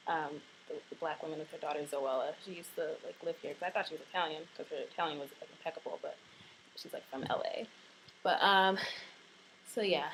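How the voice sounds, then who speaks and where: Chatty young woman, noisy recording. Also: low voice. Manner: rambling, filler-heavy storytelling with lots of "like". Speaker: vlogger. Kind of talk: casual chat. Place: apartment in Florence.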